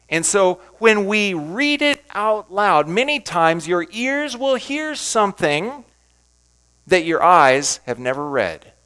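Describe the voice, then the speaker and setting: A pastor teaches in a slightly raised voice, swinging up and down in pitch as he stresses each point. He is a man who asks rhetorical questions and answers them himself. His delivery is emphatic and animated from start to finish. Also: smooth. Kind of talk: teaching talk on Bible reading.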